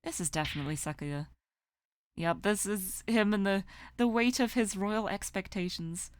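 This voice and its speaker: A woman streamer chatting casually as she reads through a game on a live stream, tossing in quick asides. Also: medium pitch, smooth.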